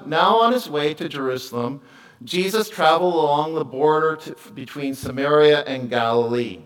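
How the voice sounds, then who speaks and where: A middle-aged man preaching a conversational sermon, moving between quiet asides and loud, emphatic calls. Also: mid-range voice, rough recording. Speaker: pastor.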